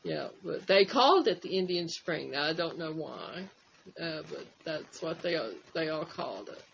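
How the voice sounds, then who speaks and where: Older woman, gravelly, rambling. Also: deep voice, expressive, dull audio, slight background noise. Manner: rambling, reminiscing, halting with fillers. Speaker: co-host. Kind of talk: casual chat.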